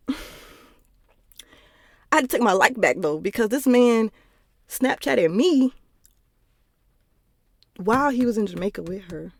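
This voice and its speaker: Young woman, gravelly voice, dry close sound, rambling personal story, profane casual talk. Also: fairly high pitch, animated, a little fast, long pauses, no room sound. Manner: rambling, profane, talks to herself with laughing asides. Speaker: podcast host. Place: at home, self-recorded.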